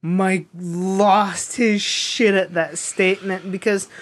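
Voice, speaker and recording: A woman's voice: medium pitch, fairly even intonation, slow pace, a little hiss or hum. A woman casually telling a funny story on a podcast, swearing and laughing along the way.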